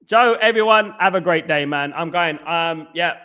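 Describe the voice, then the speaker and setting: A rambling, teasing young man with a London accent, chatting to viewers on a live stream. His voice sits a little high and sounds bright and forceful. He swears freely. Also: moderate pace, a little hiss or hum. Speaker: host. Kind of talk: casual live-stream chat answering viewers.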